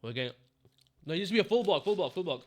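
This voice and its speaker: A young man streaming a game live, swearing freely and calling his chat "bro" while he guesses out loud. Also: sits high, rapid-fire. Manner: profane, excitable, calls the chat bro.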